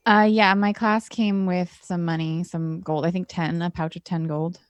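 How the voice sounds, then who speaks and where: A woman's voice: fairly low pitch, steady tone, normal speed, no room sound. A woman player in a tabletop game, talking casually and a little hesitantly.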